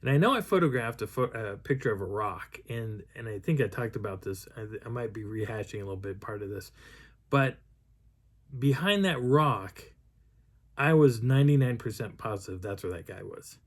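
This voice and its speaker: A man's voice: on the low side, expressive, normal speed. Man rambling through a mountain story. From Colorado high country. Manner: rambling with many restarts, acts out quoted voices. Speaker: Bigfoot researcher telling a field story. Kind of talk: casual storytelling.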